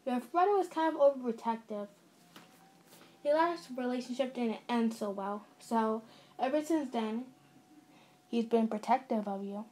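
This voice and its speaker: A woman's voice: on the high side, measured pace, pauses often, darkish tone. Young woman casually narrating a story. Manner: casual, informal reading with small slips. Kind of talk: second-person fan-fiction narration.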